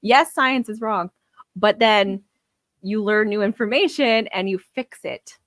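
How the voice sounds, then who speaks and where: A woman's voice: medium pitch, unhurried, a bit bright, no echo, studio quality. A woman co-hosting a podcast in casual chat, talking frankly with swearing and acting out what others said. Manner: frank, swears, quotes others in reenacted lines. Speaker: podcast co-host.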